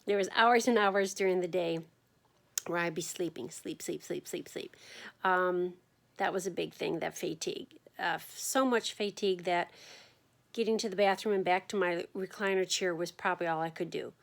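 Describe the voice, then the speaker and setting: A woman sharing her experience in a casual video diary, talking to the camera at home in a tired, unhurried way with frequent ums and yawns. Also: fairly low pitch, fairly even intonation, vocal fry. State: fatigued from chemotherapy. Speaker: vlogger sharing her chemotherapy journey.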